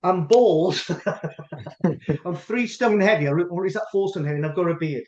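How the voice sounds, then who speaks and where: High-voiced Scottish man telling stories. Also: a little slow. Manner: rambling, animated anecdote-telling with frequent restarts. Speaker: podcast host. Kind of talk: casual storytelling chat. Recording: echoey room, dull lo-fi sound.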